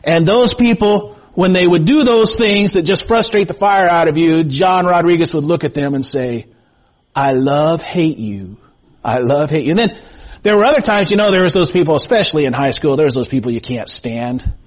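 This middle-aged pastor's high voice carries through a church sanctuary as he preaches. Slow, careful scripture reading and prayer give way to folksy storytelling packed with frequent fillers.

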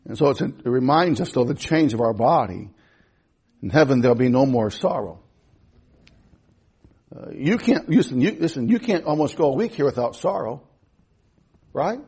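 A man's voice: medium pitch, lively intonation, normal speed, long pauses, darkish tone, slightly rough. A man in his fifties preaching a sermon as pastor, emphatic, repeating his phrases and restarting. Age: 50s.

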